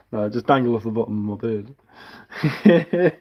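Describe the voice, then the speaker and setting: A man chats easily on his live stream, wandering from one thought to the next and laughing at himself. His voice sits at an ordinary middle pitch. The stream sound is a bit dull and muffled. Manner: relaxed, rambling, self-mocking. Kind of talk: casual chat while carving. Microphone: headphones with mic.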